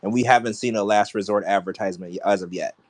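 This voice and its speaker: A man's voice: on the low side, fast, no room sound. A man co-hosting a podcast, ranting in casual chat with strong opinions. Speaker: podcast co-host.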